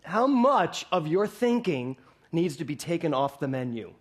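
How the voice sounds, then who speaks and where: A man with a fairly high voice delivers a sermon from a stage. He tells stories with humor and slips into the voices of the people in them. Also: very animated, a little slow. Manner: playful storytelling, acting out dialogue. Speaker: minister. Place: hall, before a congregation.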